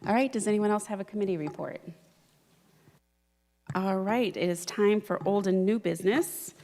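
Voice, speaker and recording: A woman presiding over a city council meeting, hoarse from losing her voice, reading an upbeat list of the year's accomplishments. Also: mid-range voice, normal speed, mellow. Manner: reads a long list of figures, upbeat. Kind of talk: council meeting year-in-review remarks. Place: council chamber. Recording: reverberant council chamber.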